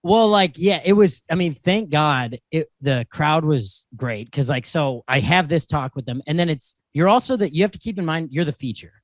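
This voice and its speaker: Young male comedian podcast co-host; lively, quotes people in character, dry mic. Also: on the high side, moderate pace, hardly any pauses, no room sound. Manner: animated, laughs often, acts out quotes. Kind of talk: casual chat, storytelling.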